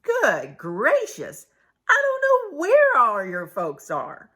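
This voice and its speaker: A woman's voice: high voice, huge pitch swings, slow pace, a bit bright, voice pushed up, full character voice. A woman voicing a flustered middle-aged male shopkeeper in a storybook reading.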